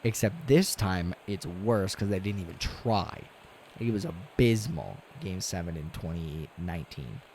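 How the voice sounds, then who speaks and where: A man's voice: measured pace, a little hiss or hum. Ranting, swearing man streaming a game. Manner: ranting, swearing, swings from low mutters to loud outbursts. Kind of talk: casual gaming stream chat.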